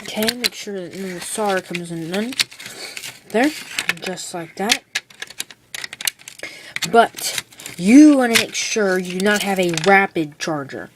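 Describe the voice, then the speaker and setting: A woman's voice: medium pitch, animated, a little slow, pauses often. Chatty girl in a noisy home video. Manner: rambling, chatty, full of "like" and "okay". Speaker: hobbyist showing a build. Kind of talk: casual how-to demonstration.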